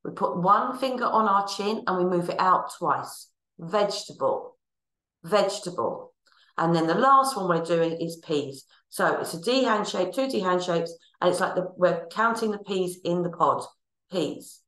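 A woman's voice: lowish voice, moderate pace, hardly any pauses, a bit bright. An Irish woman teacher, encouraging and instructive, leading a class through sign language words and exercises. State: out of breath during exercise. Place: school room. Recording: echoey room, mic at a distance.

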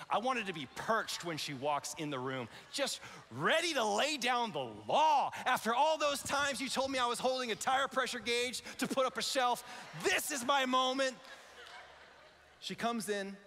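A man in his thirties preaches with a high, bright voice that swings widely as he acts out each voice in his story. He sounds like a pastor on a big church stage, his words trailing into a long hall reverb. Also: a little hiss or hum. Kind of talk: storytelling sermon. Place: large church auditorium.

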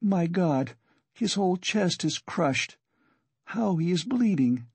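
A man's voice: mid-range voice, sing-song, takes it slowly, no room sound. A man voicing a distraught middle-aged mother who cries out in despair and snaps irritably.

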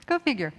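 A woman's voice: high-pitched, big-room sound. A middle-aged woman minister giving a chatty, self-mocking sermon, laughing often. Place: church sanctuary.

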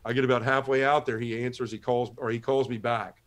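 A man gives a personal testimony as a guest. He tells it vividly and acts out the voices in his story, with a mid-pitched, natural voice. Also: little pitch movement, brisk. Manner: vivid storyteller acting out dialogue.

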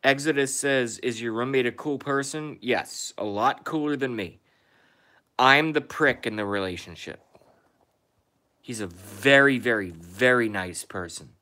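A man with a bright, forward voice chats casually on his live stream from home. He reads viewers' comments aloud and answers them as he goes. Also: medium pitch, a little slow.

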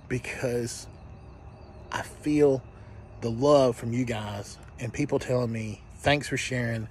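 A man's voice: mid-range voice, a little mellow, a little hiss or hum. Candid joking man vlogging at night. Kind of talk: casual late-night vlog.

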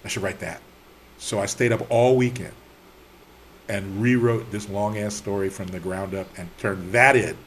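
A man's voice: on the low side, moderate pace, a little hiss or hum. A man, a TV writer, telling stories in a casual interview, acting out the people he quotes, laughing and swearing freely. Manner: animated, acts out quoted dialogue, laughs often; slangy, salty talk. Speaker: TV writer and producer, podcast guest.

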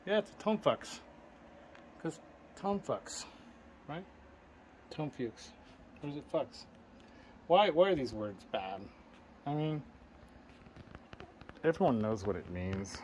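A man of middle pitch gives an excited, rambling walkthrough of a packed indoor guitar room. He admires finishes and amps as he goes and keeps stopping to search for names. Faint noise sits under his voice. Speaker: vlogger touring a gear collection. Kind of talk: casual walkthrough commentary.

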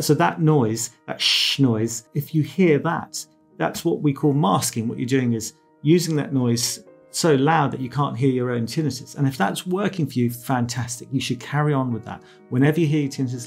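A man talks the viewer through his own experience, relaxed and reassuring, with his asides and imagined inner talk. His voice sits mid-range, gravelly and a little husky, over faint background music. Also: mid-range voice. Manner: conversational, reassuring, with asides and quoted self-talk. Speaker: ENT surgeon explaining his experience. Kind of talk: casual explainer to camera.

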